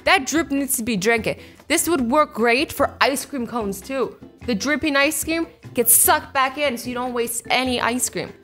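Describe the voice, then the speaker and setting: A bubbly young woman in her twenties chatting through a casual reaction vlog from home, acting out little scenes as she goes. Her voice sits fairly high, and soft music plays faintly behind her. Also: normal speed, few pauses. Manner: bubbly and animated, acts out little quoted scenarios. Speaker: YouTuber reacting to invention ideas.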